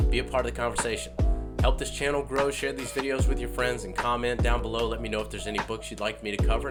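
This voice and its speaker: A man in his thirties hosting a casual book review monologue, with wry joking asides. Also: mid-range voice. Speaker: book review show host. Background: loud music.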